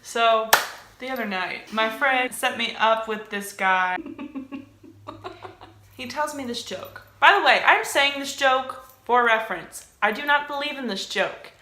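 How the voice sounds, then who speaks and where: Expressive young woman with a bright voice. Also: on the high side, slow pace, echoey room, a little hiss or hum. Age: young adult. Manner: expressive, theatrical retelling. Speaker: theater student and vlogger. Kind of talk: casual storytelling.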